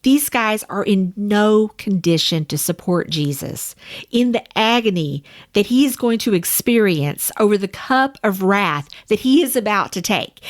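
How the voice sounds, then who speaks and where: A woman teaching a Bible study in a conversational way, speaking to her listeners as friends. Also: fairly high pitch. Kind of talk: casual teaching.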